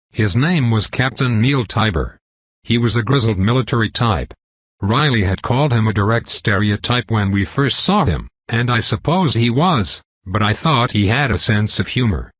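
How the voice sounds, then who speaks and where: A man's voice: on the low side, lively intonation, moderate pace, fairly bright tone, no room sound. A man narrating a first-person novel as an audiobook, reading steadily and evenly.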